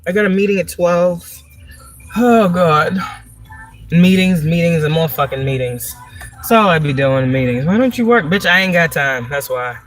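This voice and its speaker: A woman's voice: a bass voice, rough recording. A woman chatting casually on a live stream while driving, profane and rambling, laughing often. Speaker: spiritual vlogger. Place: in a car, driving. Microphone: phone.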